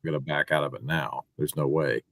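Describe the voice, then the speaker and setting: A man with a very low, deep voice chatting on a livestream. He waves ideas off in a dismissive way and laughs mid-sentence, with a dry, close sound. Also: fairly even intonation, fairly quick, creaky, a bit bright, no echo. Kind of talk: casual livestream chat.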